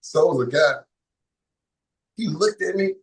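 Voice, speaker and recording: A loud, boisterous man guest tells stories on a casual podcast. His voice sits a little high. He sounds set back from the mic in an echoey room. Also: expressive, a little slow. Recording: roomy sound, far from mic.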